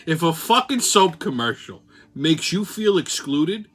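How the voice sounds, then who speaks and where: A man's voice: fairly high pitch, sing-song, measured pace, fairly bright tone, heavily acted. A man putting on a Brooklyn accent as a mocking, profane showman conductor. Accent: put-on Brooklyn. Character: loud Brooklyn male train conductor-host.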